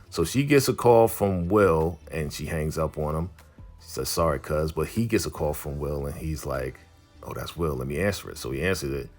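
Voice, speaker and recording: A man's voice: extremely low pitch, lively intonation, fairly quick, faint music behind. A man casually recapping a TV episode, retelling scenes in a loose, chatty way full of "you know" and "like". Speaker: recap show host.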